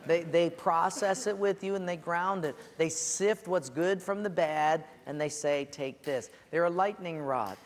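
Animated high-voiced man preaching in a hall. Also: unhurried, hardly any pauses. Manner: animated storytelling with acted-out voices and shouts. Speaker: pastor. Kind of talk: sermon. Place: church.

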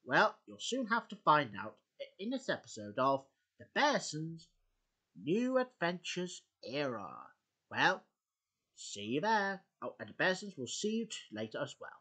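A man introducing an episode of his homemade story series in a rambling, halting way. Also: fairly high pitch, big pitch swings, sharp tone, slightly rough. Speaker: channel host.

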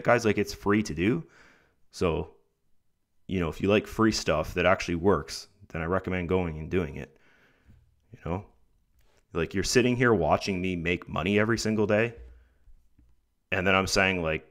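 A sick young man with a rough throat, chatting casually to his viewers as he talks them through his earnings online and keeps peppering his pep talk with "guys" and "right?". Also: sits low, moderate pace, a bit bright. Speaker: online income vlogger. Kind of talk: casual talk to camera over screen recording.

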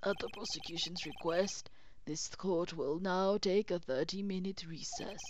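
A woman voicing a stern older male judge who speaks in a formal, measured way. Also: fairly low pitch, steady tone, background noise, voice pushed down, close to an everyday voice. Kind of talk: voicing game dialogue.

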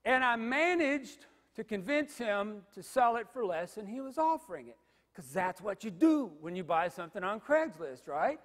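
A pastor in his fifties preaching a sermon, swinging from loud stressed phrases to hushed asides. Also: sits high, very animated, normal speed. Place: church sanctuary. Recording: reverberant sanctuary.

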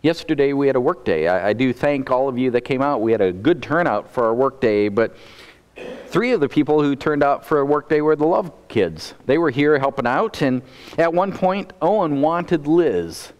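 A man's voice: mid-range voice, lively intonation, moderate pace, a little mellow, long reverb tail. A man preaching a sermon as pastor, earnest and often repeating a word as he starts a phrase.

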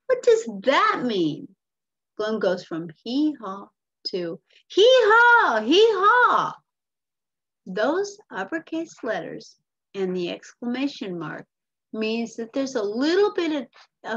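Slow, husky woman teacher reading aloud. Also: mid-range voice, muffled recording. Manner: patient, explaining, asking questions. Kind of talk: reading a picture book aloud to children.

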